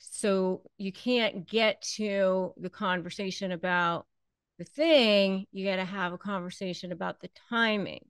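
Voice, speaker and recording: Woman, advice host, conversational, smooth clear voice, dry sound. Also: medium pitch, steady tone, a little slow, no room sound. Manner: conversational, acts out quoted dialogue. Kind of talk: advice talk to camera.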